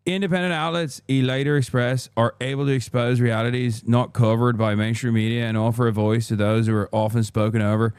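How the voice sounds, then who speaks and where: A man's voice: medium pitch, little pitch movement, a little fast, hardly any pauses, darkish tone, smooth, dry recording, clean studio sound, close to an everyday voice. A man putting on an exaggerated Irish accent while reading an article aloud on stream. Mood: mock newsreader. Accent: put-on Irish. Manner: theatrical, exaggerated brogue. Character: man reading news in a hammy put-on Irish brogue.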